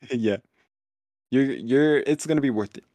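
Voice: mid-range voice, measured pace, mellow, no room sound. A co-host chatting casually on a podcast, easygoing and playful, laughing often. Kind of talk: casual chat.

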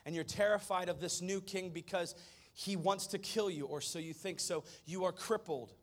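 Brief: pastor, male, vivid sermon storyteller, pitch a touch high, dynamics rising and falling. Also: moderate pace. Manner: dramatic storyteller, swings between loud and hushed.

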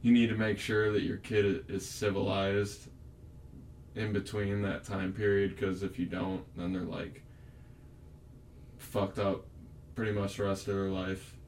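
A man's voice: on the low side, little pitch movement, measured pace, long pauses, darkish tone, a little hiss or hum. A man in a casual chat, blunt and swearing freely.

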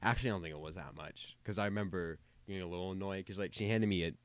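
A young male podcast co-host with a deep voice tells casual anecdotes in rapid-fire fashion. He rambles, interrupts himself, and often repeats words, recorded on a dry close mic.

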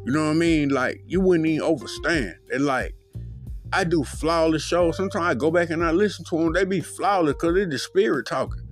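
A man's voice: fairly high pitch, fairly quick, faint music behind. A man hosting his own solo podcast, talking in a profane, rambling, loose way with lots of fillers. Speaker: podcast host.

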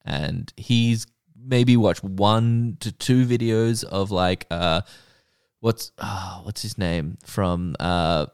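A man co-hosting a casual chat about a show, animated and quick to act out characters' lines. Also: lowish voice, clean tone, dry recording, studio quality. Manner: animated, acts out characters' lines with put-on voices. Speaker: podcast co-host.

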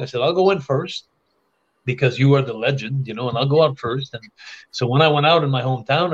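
Appearing as an interview guest on a podcast, an older man from Canada spins long, rambling stories, restarting frequently and bursting into laughter. He speaks at medium pitch, with the recording's highs cut off.

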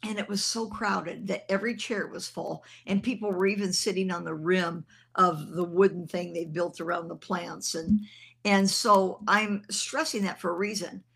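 A woman's voice: on the low side, fairly even intonation, moderate pace, vocal fry, a bit bright, husky. An older woman minister telling a personal testimony in an earnest, conversational way. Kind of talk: testimony storytelling.

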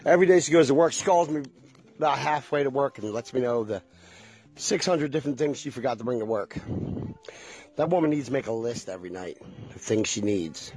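A man's voice: mid-range voice, fairly quick, a little mellow, breathy edge, soft background music. A middle-aged man rambling in a folksy, chatty way, talking straight to his viewers in a casual monologue. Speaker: vlogger.

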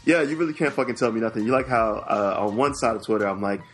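A man co-hosting a podcast in casual chat, telling stories in a profane, excitable way. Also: medium pitch, quick pace, soft background music. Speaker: podcast co-host.

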